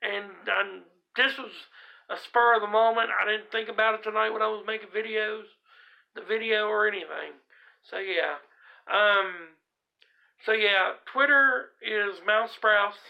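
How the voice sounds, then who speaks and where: A man tells a story from his own life straight to camera, rambling and unhurried, full of ums and restarts. His voice has a gravelly, creaky edge. The recording sounds dull and lo-fi. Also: high voice. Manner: rambling, laid-back, many fillers and restarts. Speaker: vlogger.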